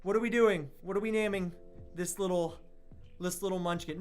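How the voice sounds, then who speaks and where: Young guy hosting a stream, pretty high voice, chatty and hyped, some faint music in back. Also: moderate pace, clear, resonant tone. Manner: excitable, chatty, reads out viewer chat. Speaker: online radio show host. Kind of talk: livestream hosting chat.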